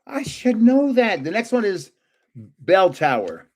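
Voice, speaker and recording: An older man hosts a relaxed live stream, joking and naming cards as he goes. His voice sits a bit high and swings up and down with lots of life. He takes an easy, slow pace. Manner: jokey, chatty, guesses card names aloud. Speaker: livestream host opening trading cards. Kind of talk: casual live-stream chat.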